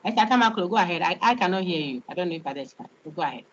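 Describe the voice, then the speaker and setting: Speaking very fast in a lowish, slightly bright voice with lively intonation, a Ghanaian-accented woman lectures a large class online. The university lecturer repeats words and checks "okay?" as she goes, and the dull lo-fi call audio has a little hiss or hum.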